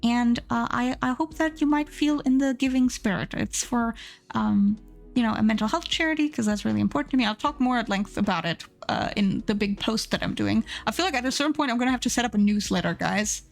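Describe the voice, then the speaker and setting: A woman's voice: fairly high pitch, fairly quick, gravelly, soft background music. A woman streamer chatting casually and rambling with plenty of fillers while she draws on a live art stream. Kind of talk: casual chat while drawing.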